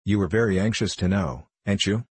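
A man's voice: sits low, a little fast, a little mellow, breathy edge, dry recording. A man reading the part of a self-pitying, reproachful middle-aged wife in a storybook. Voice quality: complaining, reproachful.

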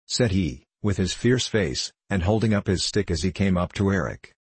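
A man narrating a storybook in a steady, measured reading. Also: low voice, breathy edge, dry recording.

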